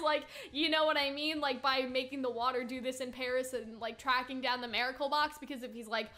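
A woman's voice: high-pitched, steady tone, sharp tone. A woman chatting casually about a cartoon theory, rambling with many fillers and little giggles. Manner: chatty, fast filler-heavy talk with frequent giggles. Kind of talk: casual commentary.

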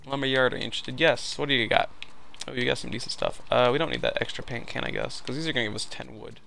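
A man's voice: mid-range voice, fast, gravelly, bright, forceful tone, a little hiss or hum. A man giving casual gameplay commentary with joking, profane asides.

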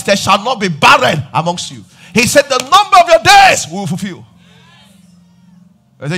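A man with a Nigerian accent preaching a sermon as pastor. He preaches emphatically, shouting and rising into a sing-song, repeats refrains and calls on the congregation to answer. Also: very high-pitched, big pitch swings, brisk, slightly rough, soft background music. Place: church service.

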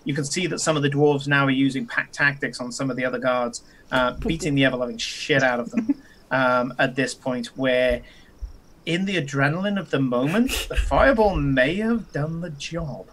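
A man, narrating a tabletop game as game master, halting with many fillers and chuckles. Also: medium pitch, a bit bright.

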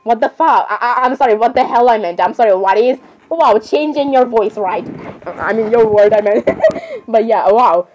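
A young woman with a fairly high voice rambles through a cosplay skit. She trades quick, bickering lines between the characters she plays. Soft music sits faintly behind her. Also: rough recording. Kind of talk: cosplay skit reacting to videos.

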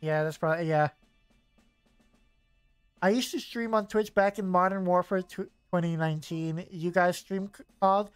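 This young gaming streamer's high voice is steady and smooth, moving at a moderate pace as he rambles through a casual let's-play chat with plenty of fillers and self-corrections. No room sound is audible, just faint music behind him.

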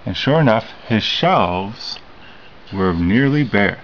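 Man reading a kids book out loud, lively up and down voice, dull homemade recording, faint hiss. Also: measured pace. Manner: expressive storybook narration with lively pitch. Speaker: parent reading to his child. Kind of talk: reading a children's picture book aloud.

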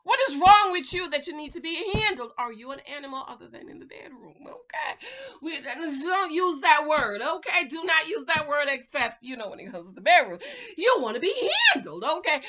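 A high, very lively woman recaps a reality show with sass and drama, her voice swinging between hushed asides and shouted outbursts. Her tone is sharp and bright, and the recording sounds a little dull and lo-fi. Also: a little fast, a little hiss or hum. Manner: animated and sassy, breaks into loud exclamations.

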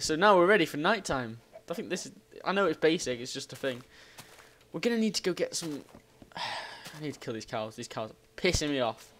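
A young-sounding man talks over his gameplay in a raised, bright voice that swings widely up and down. He rambles, restarts and keeps bursting into exclamations at what happens on screen. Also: on the high side. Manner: excitable, rambling, exclaims at the game. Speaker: gaming channel host. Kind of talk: let's play commentary.

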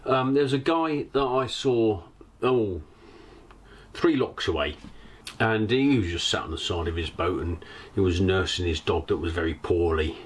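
A middle-aged man, telling anecdotes in a loose, rambling way and acting out the people he met. His voice sits fairly low, and a faint hiss runs underneath it. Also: a little slow. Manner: chatty, rambling, acts out quoted voices. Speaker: narrowboat vlogger. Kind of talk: casual storytelling monologue.

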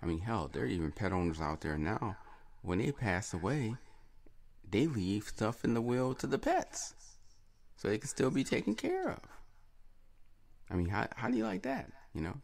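Brief: male solo podcaster, low voice that swings widely in pitch, crude and rambling. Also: vocal fry. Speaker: podcast host. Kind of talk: casual solo podcast monologue.

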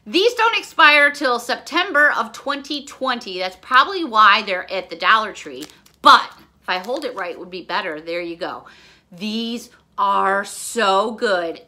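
A middle-aged woman hosting a casual haul video, chatty and animated, talking straight to her viewers. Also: mid-range voice. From Chicago area.

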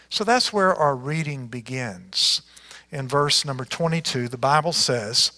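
A man preaching a sermon as pastor, reading scripture dramatically with big swings from loud to hushed. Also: a little high, unhurried, big-room sound. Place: church sanctuary.

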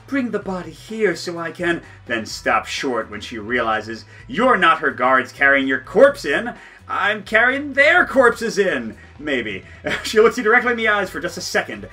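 A man's voice: medium pitch, pushed and bright, husky. A man playing through a solo board game, reading the story text aloud and joking between rolls, often laughing.

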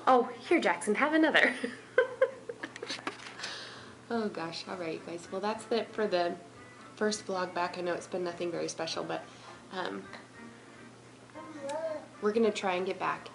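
A woman's voice: on the low side, unhurried, vocal fry, long pauses, music in the background. A young woman vlogging at home, playing with her toddler in sing-song baby talk and chatting to viewers. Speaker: vlogger and mother. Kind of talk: casual home vlog.

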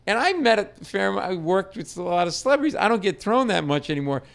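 A middle-aged man, a comedian, telling a story on a talk show. He is animated and acts out the voices in his story with loud bursts. His speech is casual and quick to shift. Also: high voice, gravelly. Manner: animated, acts out quotes loudly. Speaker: comedian guest. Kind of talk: storytelling chat.

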